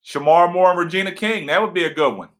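Man co-hosting a home livestream; deep, loud, passionate delivery with a bright edge. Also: fast talker. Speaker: livestream co-host. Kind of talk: casual livestream chat.

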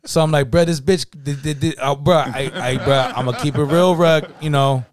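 A man with a Californian accent, telling an animated, slang-filled story in casual chat. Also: a little high, normal speed, crowd noise. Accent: Californian English.

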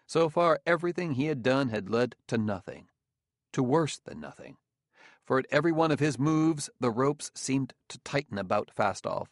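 Gravelly male audiobook narrator. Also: medium pitch, lively intonation, moderate pace, dry recording, studio quality. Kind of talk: scripted narration.

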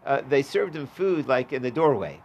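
A man's voice: medium pitch, very animated, normal speed, gravelly, a little mellow, dull audio, a little hiss or hum. A man teaching a Talmud class, reading the Aramaic and translating it in a casual, chatty way. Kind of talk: daf yomi Talmud class.

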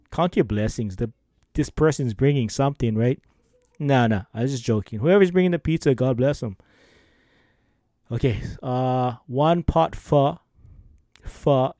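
A man's voice: medium pitch, expressive, a little slow, warm tone, dry recording, clean studio sound. A man with a Hawaiian Pidgin accent, hosting a casual podcast and reading listener emails with a playful, laid-back manner. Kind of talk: casual chat.

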